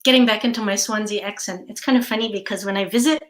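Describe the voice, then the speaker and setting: A woman's voice: mid-range voice, fast. Chatty American woman in a roomy studio. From United States. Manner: chatty and rambling, with frequent fillers and light laughter. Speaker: artist and art teacher. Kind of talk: casual live studio check-in. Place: home art studio.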